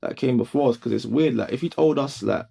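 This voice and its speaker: Brief: young guy, gravelly and dark-toned, slangy rambling podcast chat in a studio. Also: medium pitch. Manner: slangy, rambling, quick restarts. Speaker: podcast co-host. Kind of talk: casual chat.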